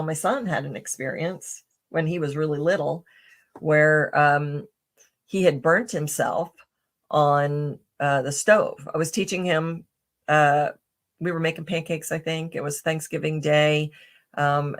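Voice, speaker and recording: Woman rambling through personal stories on a podcast, lots of ums and restarts. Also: low voice. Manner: rambling, with many fillers and restarts. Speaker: podcast guest. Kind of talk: casual conversational storytelling.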